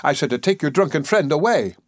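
A man voicing an angry young woman who scolds in a tart, shrill way. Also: animated, fairly quick, no room sound, studio quality. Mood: fierce shrill.

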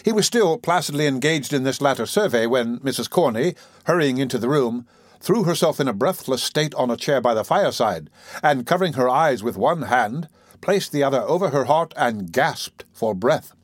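Measured male audiobook narrator. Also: medium pitch, expressive, no room sound, clean studio sound. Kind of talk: scripted narration of a classic novel.

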